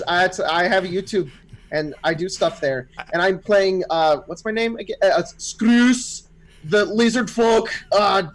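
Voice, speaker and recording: A man introducing himself as a player, awkward and rambling. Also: sits high.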